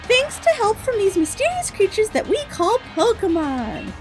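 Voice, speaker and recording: A woman's voice: very high voice, wildly swooping pitch, normal speed, a little mellow, faint music behind, full character voice. A woman reading a grand male game presenter's dialogue aloud, announcer-like. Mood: proclaiming.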